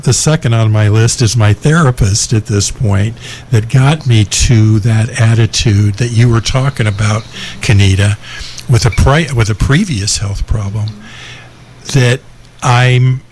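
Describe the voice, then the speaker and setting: A man speaking in a reflective, thoughtful way, pausing with fillers as he gathers his words. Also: medium pitch, darkish tone, a little hiss or hum. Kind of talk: reflective conversational talk.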